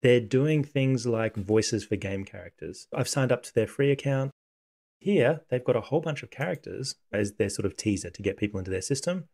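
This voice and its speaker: A man hosting a casual coding tutorial, talking through software on screen in a relaxed, conversational way. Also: medium pitch, moderate pace. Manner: relaxed, conversational, thinks aloud.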